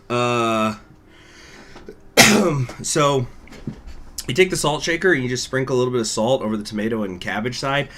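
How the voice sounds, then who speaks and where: A man's voice: medium pitch, normal speed, pauses often, fairly bright tone, a little hiss or hum. A man hosting a gaming channel, chatting casually and rambling to his viewers in an offhand, profane way. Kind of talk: casual chat to live viewers.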